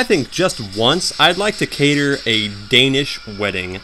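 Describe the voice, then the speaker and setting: A man's voice: medium pitch, sing-song, a little slow, bright, forceful tone, a little hiss or hum. A young man rambling through casual, self-mocking commentary while he plays a game. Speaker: let's play host.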